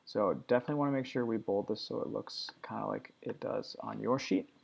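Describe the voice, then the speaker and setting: A man teaching, talking through a screen-recorded software tutorial in a relaxed, step-by-step way. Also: fairly low pitch, fairly quick, creaky, slightly rough. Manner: relaxed step-by-step walkthrough talk.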